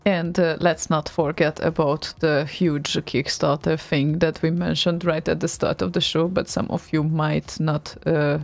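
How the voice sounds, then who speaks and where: A woman's voice: low-pitched, little pitch movement, a little slow, creaky, hardly any pauses, faint music behind. A woman co-hosting an online radio show, chatting casually with a hesitant, laughing manner.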